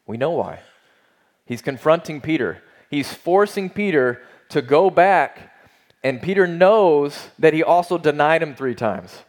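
A man's voice: on the high side, animated, unhurried. Earnest male preacher. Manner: earnest, emphatic preaching with rhetorical questions and repetition. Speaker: pastor. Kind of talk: sermon.

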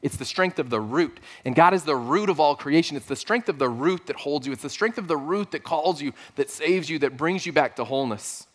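A man's voice: on the high side, brisk, hardly any pauses, a bit bright. A man preaching a sermon as pastor, earnest and emphatic, building points through repeated phrases.

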